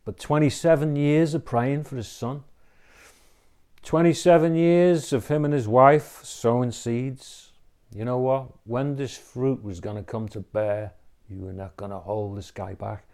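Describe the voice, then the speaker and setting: A man's voice: medium pitch, steady tone, unhurried, a little mellow. A man giving an inspirational talk, telling a personal story in an earnest, reflective way, often adding "you know" and "okay?". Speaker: inspirational speaker.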